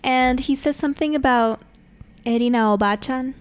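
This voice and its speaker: Eager higher-voiced woman podcaster. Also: normal speed, smooth, dry recording. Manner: eager, interjecting, laughs often. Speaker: podcast co-host. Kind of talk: casual chat recapping an anime.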